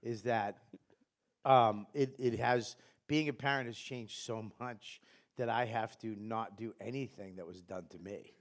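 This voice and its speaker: Profane, rambling middle-aged comedian. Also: male voice, lowish voice, unhurried. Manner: rambling, profane, self-deprecating. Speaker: guest comedian. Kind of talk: live podcast chat. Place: live comedy festival stage before an audience.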